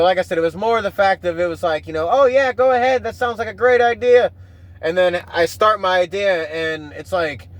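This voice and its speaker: Casting: high-pitched male podcaster, loose rambling rant, swears a lot, keeps restarting thoughts. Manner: profane, rambling, with frequent restarts. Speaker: podcast host. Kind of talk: casual rambling monologue.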